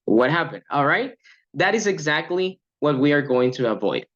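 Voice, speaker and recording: Animated man giving a coach training. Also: a little high, moderate pace, dull audio. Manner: animated, upbeat, acts out short classroom examples. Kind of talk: training lecture.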